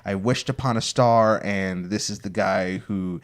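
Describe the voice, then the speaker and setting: A man's voice: fairly low pitch, steady tone, measured pace. A man hosting a podcast, rambling through playful hypothetical scenarios in casual chat. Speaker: podcast host.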